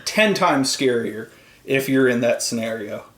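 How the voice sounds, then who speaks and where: A man's voice: mid-range voice, expressive, unhurried, fairly bright tone, a little hiss or hum. A man co-hosting a podcast in casual chat, rambling and swearing, acting out quoted voices as he tells stories. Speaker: podcast co-host. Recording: roomy echo.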